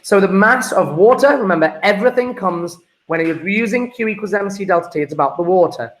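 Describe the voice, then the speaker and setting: A man's voice: sits high, animated, brisk, few pauses, rough recording. A man talking through a chemistry exam paper as a teacher, chatty and calling his students guys and folks.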